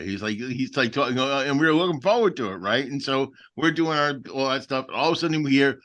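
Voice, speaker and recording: A man telling a funny barbecue story with excitable energy on a podcast. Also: medium pitch, quick pace, hardly any pauses. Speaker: podcast co-host. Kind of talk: casual comedic storytelling.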